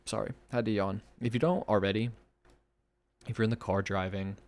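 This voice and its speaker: A man with a fairly low voice reads horror stories aloud for his podcast. Between stories he drops into eager, chatty asides aimed at his listeners. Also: fairly even intonation, normal speed, a little mellow.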